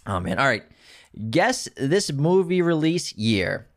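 A man co-hosting a podcast in casual chat, relaxed and often laughing as he runs a movie quiz. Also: on the high side, slow, no echo, clean studio sound. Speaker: podcast co-host.

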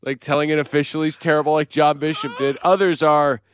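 A man co-hosting a sports podcast, setting up clips with animated, joking storytelling. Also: on the high side, a little fast, a little hiss or hum. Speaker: podcast co-host. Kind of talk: casual chat.

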